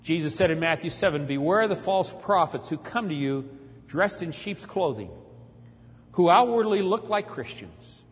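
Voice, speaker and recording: A man's voice: on the high side, lively intonation, moderate pace. A man preaching a sermon, telling a dramatic story and raising his voice as he preaches. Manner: dramatic retelling, voice rising when preaching. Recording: long hall reverb.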